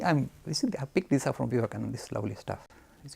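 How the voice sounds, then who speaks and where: Male religion speaker, lively and gravelly, emphatic in a question-and-answer session. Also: mid-range voice, rapid-fire. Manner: emphatic, animated, telling anecdotes. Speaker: speaker on Hinduism. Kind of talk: lecture answering audience questions.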